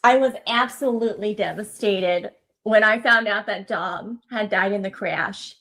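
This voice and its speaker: A woman's voice: mid-range voice, measured pace. A woman playing a fake-crying mother. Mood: mock-tearful. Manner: mock-sobbing, sarcastic, deadpan. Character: self-pitying mother of a young woman, fake-tearful and mocking. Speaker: actor in a parody sketch. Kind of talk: comedic parody monologue.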